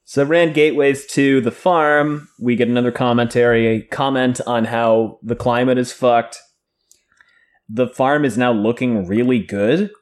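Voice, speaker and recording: A man's voice: mid-range voice, steady tone, a little slow. A man co-hosting a casual book discussion, reading passages aloud and adding joking, profane comments.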